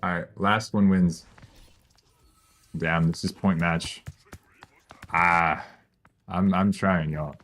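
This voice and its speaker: Deep-voiced joking male game streamer. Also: steady tone, takes it slowly, pauses often, a bit bright. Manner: jokey, repeats reassurances to himself; talks to his chat. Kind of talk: casual live-stream chatter while playing.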